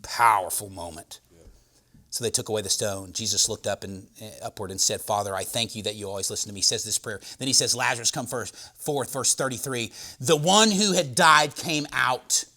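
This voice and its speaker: A man preaching a sermon, swinging between loud proclaiming and hushed, dramatic storytelling. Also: lowish voice, a little fast.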